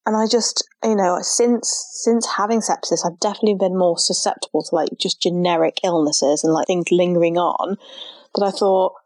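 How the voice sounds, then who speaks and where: A woman's voice: on the low side, steady tone, moderate pace, a little mellow, dry recording. A young woman, telling her personal story in an interview in an earnest, heartfelt way, with many "like" fillers. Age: young adult. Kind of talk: emotional personal account.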